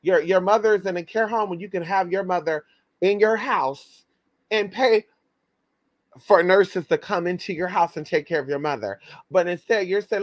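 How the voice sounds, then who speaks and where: A man telling a story in a sassy, profane, dramatic way, jumping into high quoted voices. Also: moderate pace, dry recording. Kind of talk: casual storytime monologue.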